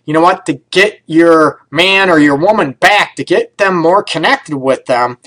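A middle-aged man talks through relationship advice as a counselor hosting his own show. His voice sits a little high for a man, and his delivery is loose and conversational, full of "you know" and "right?" and the odd blunt curse. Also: measured pace, fairly bright tone. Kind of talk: casual advice talk.

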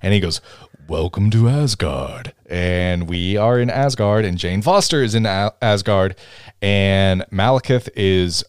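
Man, low voice, podcast host, animated, funny voices, dry close sound. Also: a little slow, clear, resonant tone, no room sound. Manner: animated, acts out movie lines in funny voices. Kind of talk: casual chat.

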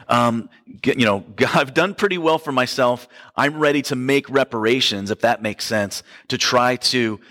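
A man's voice: medium pitch, moderate pace, bright, forceful tone. A man preaching a sermon, retelling a story in a casual, joking way. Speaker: pastor. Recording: long hall reverb.

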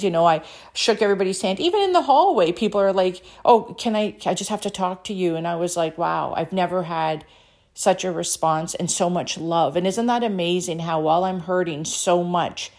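Emotional woman with a gravelly voice. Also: fairly low pitch, darkish tone. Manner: emotional, tearful at times, earnest and encouraging. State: dry mouth, emotional. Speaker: author and speaker sharing a personal story. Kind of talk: emotional personal storytelling.

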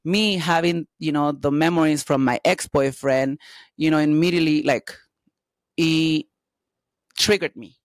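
A woman telling candid personal stories as an interview guest, lively and quick to act out the dialogue. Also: sits low, dry recording. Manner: animated, acts out dialogue in quotes.

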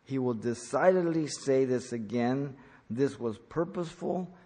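A man's voice: medium pitch, lively intonation, unhurried, warm tone, long reverb tail. A man preaching an earnest sermon, speaking as a pastor who repeats key points for emphasis.

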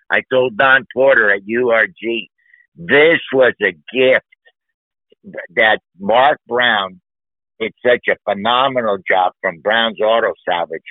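A man's voice: mid-range voice, no room sound. A man hosting a podcast interview, talking effusively and with emphasis, full of praise for the people he mentions. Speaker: podcast host. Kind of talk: conversational interview. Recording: dry, phone-like narrow band.

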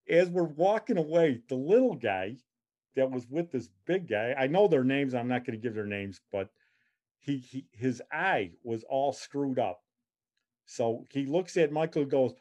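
A middle-aged man telling a personal story in a casual, animated way, acting out what the other people said. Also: medium pitch, normal speed.

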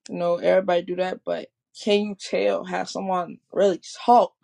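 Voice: mid-range voice, level tone, moderate pace, vocal fry, darkish tone. A speaker from Chicago with a Chicago accent, talking in a rambling, repetitive casual monologue. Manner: rambling, repeats and restarts often. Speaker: vlogger.

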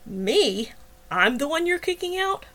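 A woman voicing a jealous male cop who talks loudly, harshly and with a sneer, in a storybook reading. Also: sits high, big pitch swings, measured pace, pitched above the performer's own voice, exaggerated voice. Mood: angry sneering.

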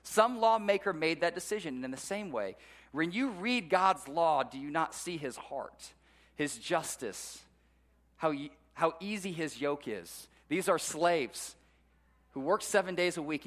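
A pastor delivers a sermon in a slightly high voice, talking straight to his congregation with rhetorical questions. He swings from quiet, low passages to loud, emphatic peaks. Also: expressive, measured pace.

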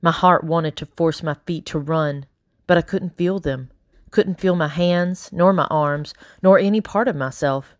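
A woman narrating a first-person audiobook in a steady, quietly dramatic way. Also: on the low side, a little slow, dry recording, studio quality. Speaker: audiobook reader.

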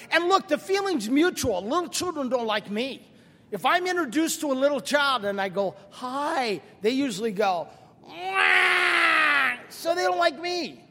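Older male pastor, high voice, reverberant hall. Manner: animated storytelling with self-deprecating humor; directly addresses the congregation. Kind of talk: sermon.

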